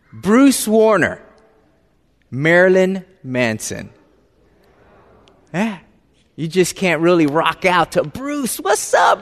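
A man telling a personal story to an audience in an animated, halting way, often repeating words as he starts a phrase. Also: on the high side. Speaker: speaker addressing an audience. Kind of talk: storytelling talk. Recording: reverberant hall.

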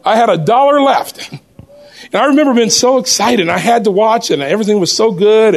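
A man telling a personal testimony story to a congregation in an animated way, often laughing as he goes. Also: sits high.

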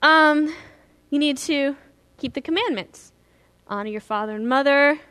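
A woman voicing a calm, tender male teacher who speaks softly and without hurry. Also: big-room sound. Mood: plain. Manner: soft, low, unhurried.

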